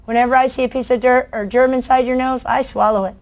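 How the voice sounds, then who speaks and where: A woman's voice: high voice, fairly even intonation, fast talker. A woman reading a children's picture book aloud as a cheerful, proud talking booger, in a chirpy, playful way.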